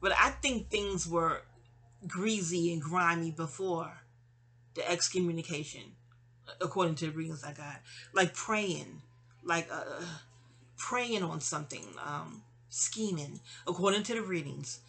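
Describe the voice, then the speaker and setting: Bright-voiced woman rambling through a story. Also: fairly low pitch, measured pace, slightly rough. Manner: rambling, chatty, acts out quoted dialogue. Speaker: vlogger. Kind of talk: casual storytelling vent. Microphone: audio-only home recording.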